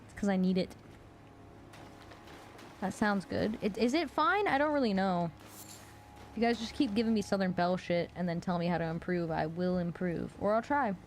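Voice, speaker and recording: A woman's voice: mid-range voice, darkish tone, a little hiss or hum. A young woman streaming a game live, chatting playfully and swearing often. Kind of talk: live gameplay commentary.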